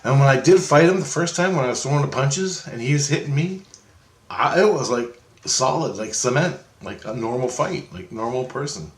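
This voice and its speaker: A man's voice: medium pitch, moderate pace. Rambling, profane man in an echoey room. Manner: rambling, profane, animated retelling with self-corrections. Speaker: vlogger. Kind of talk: casual storytelling monologue.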